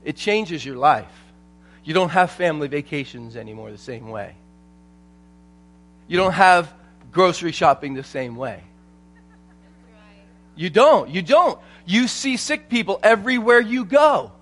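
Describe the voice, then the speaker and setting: A man preaching a sermon at a conference, telling stories in an animated way and repeating his phrases for emphasis. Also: on the high side, a little slow, pauses often. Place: church conference hall.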